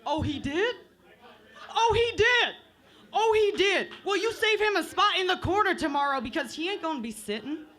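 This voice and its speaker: A woman's voice: very high-pitched, expressive, fairly bright tone, a faint crowd, voice pushed up. A woman voicing a stern, no-nonsense parent who keeps repeating herself with emphasis. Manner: emphatic, drawn-out repetition.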